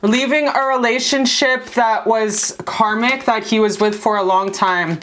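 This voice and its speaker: Woman, tarot reader, casual and profane, slangy, fairly high voice. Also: fairly even intonation, a little slow, few pauses, fairly bright tone, a little hiss or hum. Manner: addresses viewers as baby and sis. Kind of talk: casual tarot reading to camera.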